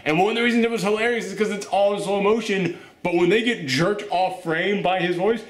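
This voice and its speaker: A man's voice: high voice, fairly even intonation, a little fast. A man hosting a casual TV review who jokes and acts out scenes in little voices as he talks. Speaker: review show host. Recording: roomy echo.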